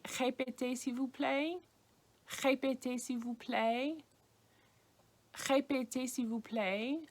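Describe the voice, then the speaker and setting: American woman, host of a travel phrase lesson, casual and clear, repeats each phrase. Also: mid-range voice, fairly bright tone. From United States. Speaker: French teacher for travelers.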